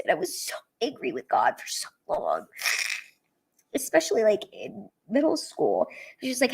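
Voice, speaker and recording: A woman's voice: on the high side, wildly swooping pitch, moderate pace, creaky, slightly rough. Woman, 30s, comedian, candid, teary, swearing, casual livestream. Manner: candid, emotional, swears freely.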